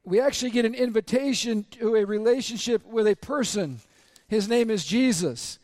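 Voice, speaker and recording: Male pastor with a high voice and a slightly raspy throat, lively sermon full of crowd questions, dry close sound. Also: normal speed, no echo. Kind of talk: sermon to a congregation.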